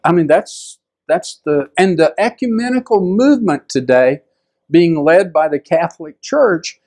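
Storytelling pastor. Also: male voice, a little mellow. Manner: conversational, acts out quoted voices with rising pitch. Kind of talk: storytelling sermon.

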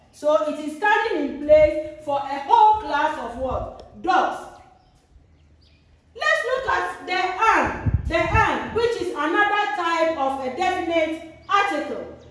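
High-voiced woman teaching in an echoey room. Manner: slow, repeats each example, sing-song stresses. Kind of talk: classroom grammar lesson. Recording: very echoey room, voice far from mic.

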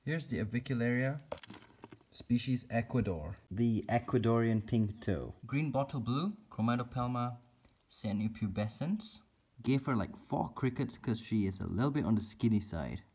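A man's voice: medium pitch, moderate pace, mellow, breathy edge. A man narrating a casual pet-keeping vlog, chatty and teasing his spiders as he feeds them. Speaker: reptile and spider keeper vlogger.

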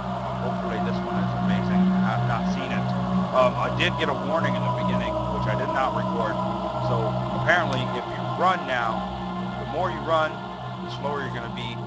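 A young man doing let's-play commentary on a horror game, excitable and swearing a lot, yelping and shrieking when scared. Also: mid-range voice. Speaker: gaming YouTuber. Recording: dull lo-fi recording with loud game music.

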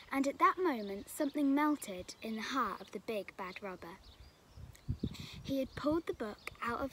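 A woman reading a story aloud for children at a church kids' group, expressive, sometimes dropping to a whisper. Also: a little high, moderate pace, noisy background.

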